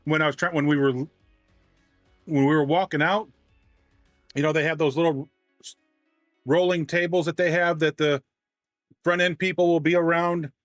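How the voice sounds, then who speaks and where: A man casually telling a long story on a livestream, ranting and animated, often restarting his sentences. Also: a little high, moderate pace, long pauses, no echo, studio quality, faint music behind.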